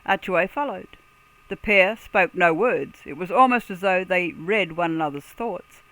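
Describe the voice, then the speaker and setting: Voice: unhurried, fairly bright tone, low-quality recording. Give me a careful storybook narrator who sings made-up words in a lilting lift. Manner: sings invented words in a lilting higher pitch. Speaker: audiobook narrator. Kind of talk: scripted fantasy narration.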